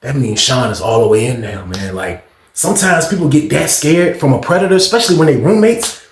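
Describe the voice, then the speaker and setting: A man casually telling a prison story, acting out the people in it with raised, excited voices. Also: medium pitch, a little fast, echoey room, a little hiss or hum. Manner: animated, acts out quotes in raised voices.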